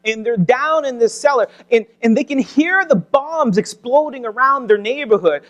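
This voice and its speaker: A man's voice: extremely high pitch, animated, moderate pace, few pauses, fairly bright tone. A man preaching a sermon, telling a wartime story dramatically and dropping to near whispers at tense moments. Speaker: pastor. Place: church sanctuary.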